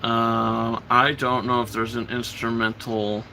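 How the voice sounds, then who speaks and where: A man's voice: mid-range voice, little pitch movement, unhurried, gravelly, pushed and bright, slight background noise. A man hosting a casual live film commentary, retelling scenes with enthusiasm and stammered restarts. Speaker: host.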